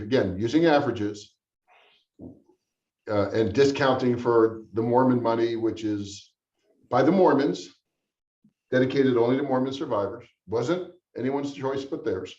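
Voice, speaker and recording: A man's voice: medium pitch, darkish tone. A man answering questions at a town hall in a blunt, sarcastic manner. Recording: roomy, distant, dull sound.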